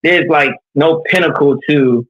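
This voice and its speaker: A man's voice: a little high, unhurried, dull audio. A man from New York, a leadership coach, talking candidly and earnestly in an interview, telling personal stories with energy. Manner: earnest, animated storytelling.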